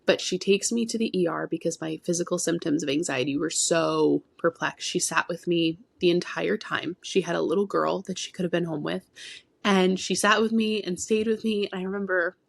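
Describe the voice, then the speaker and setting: A woman co-hosting a podcast as a therapist. She tells a personal story frankly and from the heart, with many asides, moving between emphatic bursts and hushed near-whispers. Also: on the low side, normal speed, creaky, no echo. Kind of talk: candid podcast conversation.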